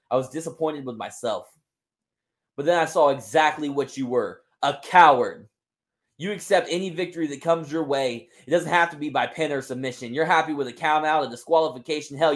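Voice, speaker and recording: A man's voice: medium pitch, lightly acted. A man voicing a fierce wrestler challenger. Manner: fierce, scornful promo delivery. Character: intense proud male wrestler challenger.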